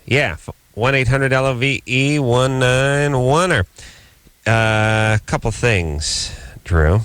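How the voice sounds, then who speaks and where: A man co-hosting a late-night call-in radio show, telling stories in a dry, deadpan way on a studio microphone. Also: takes it slowly, clean tone, no room sound. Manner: dry, deadpan storytelling with lively swings in pitch. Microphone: studio broadcast microphone.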